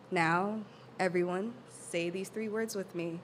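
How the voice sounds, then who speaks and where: Female open mic poet, very slow delivery, leads crowd call-and-response, faint room hum. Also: on the low side, steady tone. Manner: deliberate, has the crowd repeat lines back. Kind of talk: spoken word performance. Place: live open mic venue, indoors.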